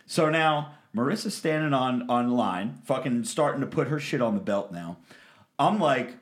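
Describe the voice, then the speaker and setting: Profane, animated storytelling man. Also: mid-range voice, normal speed. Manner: profane, animated, acts out quotes. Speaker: podcast co-host telling a story. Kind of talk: crude casual storytelling.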